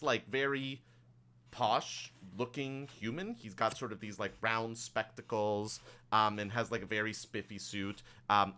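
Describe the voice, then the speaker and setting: A man's voice: mid-range voice, sharp tone. A man narrating as game master of a tabletop game, improvising loosely with many fillers.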